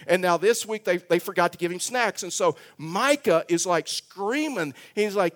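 A man's voice: sits high, normal speed, few pauses, a bit bright. An older man preaching a sermon as pastor, emphatic and repetitive, telling a family story in church. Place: church sanctuary.

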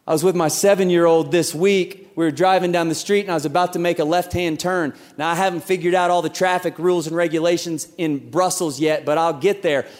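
A man with a high-pitched voice preaches a casual, conversational sermon, slipping into acted-out dialogue and asking the listeners pointed questions. His voice rings out in a church hall with a long, trailing reverb. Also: fairly even intonation, fairly quick, few pauses. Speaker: pastor.

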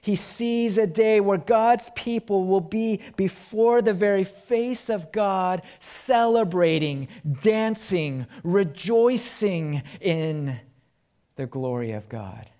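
Slow, emphatic male preacher. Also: high voice, warm tone. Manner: slow, emphatic preaching with swells and drops in volume. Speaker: pastor. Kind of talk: sermon.

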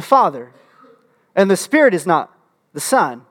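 A man preaching a sermon as pastor, animated and humorous, with frequent restarts and fillers. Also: high-pitched, measured pace, long pauses. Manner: animated, humorous asides with rising excitement.

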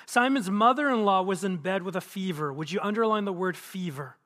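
Guy pastor preaching in church, kinda high voice, acts out the quotes, super animated. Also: fairly quick. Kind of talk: sermon. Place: church auditorium.

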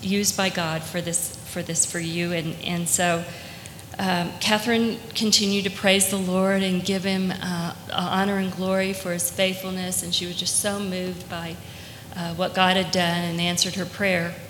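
A woman telling a personal story as a testimony, heartfelt and earnest, often pausing with fillers. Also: on the low side, flat delivery, fairly bright tone, a little hiss or hum. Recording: echoey hall, faint ambience.

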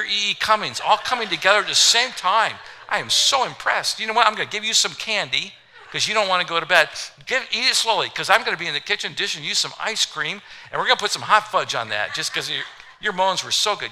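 Bright-voiced animated male preacher. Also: high-pitched. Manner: animated, acts out voices of passengers and kids. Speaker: pastor. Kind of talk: sermon.

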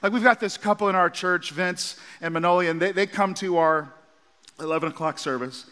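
A middle-aged man, a pastor, preaching a sermon and telling stories with animated asides in a church auditorium. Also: high voice, a little fast, clear, resonant tone. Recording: long hall reverb.

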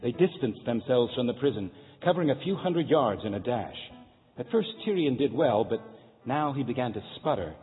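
Male narrator for a dramatic story, lively pitch, phone-thin sound, hall reverb. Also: normal speed. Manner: expressive, storytelling. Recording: tinny, echoey hall, faint music.

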